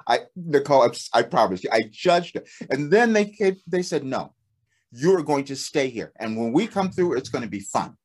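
A man tells a story in casual conversation, his slightly husky voice swinging up and down in pitch. He laughs easily as he talks. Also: moderate pace. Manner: animated storytelling, laughs often. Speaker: channeler and guest.

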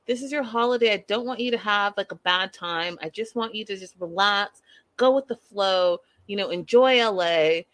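Woman doing a calm, easygoing young guy. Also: medium pitch, normal speed, no room sound, natural voice. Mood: reassuring.

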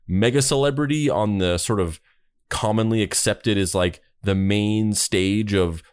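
A man's voice: on the low side, unhurried, clean tone, no room sound, studio quality. A man hosting a podcast in casual chat, rambling with many restarts. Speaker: podcast host.

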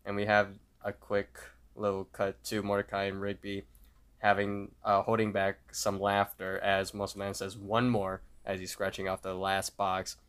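A man's voice: sits low, completely flat delivery, moderate pace, smooth. A man co-hosting a podcast, casually retelling a cartoon episode and acting out the characters' lines. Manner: retells scenes, acting out quotes loudly. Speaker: podcast co-host.

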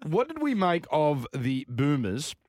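A man's voice: on the high side, wildly swooping pitch, unhurried, darkish tone, no echo. Brief: Australian male host, dry close sound, opinionated sports rant. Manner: opinionated, ranting. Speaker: radio sports show host. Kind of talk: casual sports banter.

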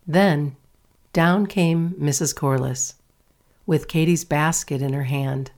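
A woman narrating a children's story aloud in a steady, clear reading voice. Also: deep voice, slow. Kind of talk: audiobook reading.

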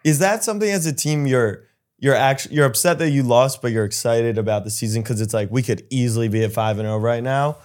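A man's voice: mid-range voice, fairly quick, darkish tone. A man hosting a podcast, asking long setup questions in a casual, curious way. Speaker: podcast host. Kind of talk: casual interview chat.

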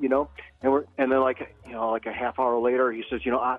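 A man's voice: medium pitch, little pitch movement, fast talker, no echo, soft background music. A man calling in to a radio show, rambling through a funny story with lots of filler words. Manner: rambling, lots of "you know". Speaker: caller. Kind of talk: telling a funny anecdote. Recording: dull lo-fi line.

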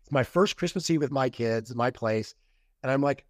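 A man's voice: mid-range voice, moderate pace, no echo, studio quality. Man recounting a past relationship. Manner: rambling retelling with quoted dialogue and restarts. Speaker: podcast guest. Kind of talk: casual storytelling interview.

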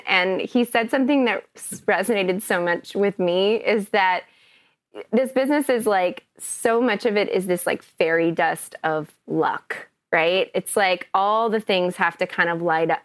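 A woman from Kentucky, an actress guest on a podcast, telling a story in an animated, chatty way. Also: medium pitch, a little slow, dry recording. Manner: chatty, animated, often laughing.

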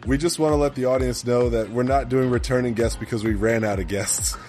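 A man's voice: mid-range voice, fairly even intonation, fairly quick, darkish tone, faint music behind. A man hosting a podcast in casual chat, playful and jokey with a showman's flair. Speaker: podcast host.

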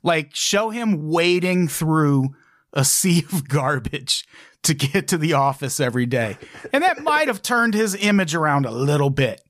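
A man's voice: fairly high pitch, sing-song, a little slow, fairly bright tone, no echo, studio quality. A man hosting a podcast, telling stories in casual, profane, joking chat. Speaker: podcast host.

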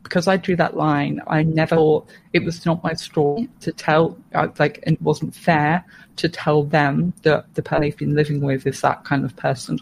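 A woman speaks candidly as a podcast guest, her voice gravelly and her delivery notably even. She tells her story in a frank, steady way. A faint background hum sits under her voice. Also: sits low, normal speed, poor audio. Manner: frank and steady, with plain swearing and restarts.

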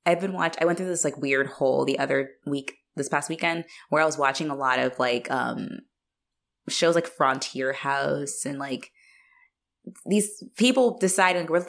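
Casual young woman co-host, deep voice, animated, laughs a lot. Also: normal speed, gravelly. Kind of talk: casual chat.

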